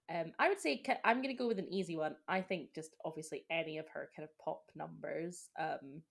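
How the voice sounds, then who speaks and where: A woman's voice: low-pitched, creaky. A woman hosting a casual podcast chat, talking with lots of fillers and getting emotional. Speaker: podcast host.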